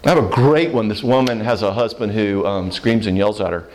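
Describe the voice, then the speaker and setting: A man counseling a live audience in a Q&A, plainspoken and animated, acting out short quoted voices. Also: fairly low pitch, brisk. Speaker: counselor answering audience questions.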